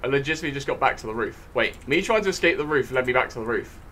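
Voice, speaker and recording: A young British man giving sweary, jumpy commentary over his own gameplay, hushed one moment and yelling the next. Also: mid-range voice, lively intonation, rapid-fire, heavy background noise. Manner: jumpy, swears a lot, shifts from hushed to shouting. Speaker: gaming YouTuber.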